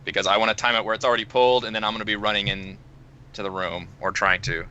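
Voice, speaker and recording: A man's voice: lowish voice, little pitch movement, fast, sharp tone, highs cut off. A man at a tabletop game, decisively laying out his moves aloud. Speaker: player.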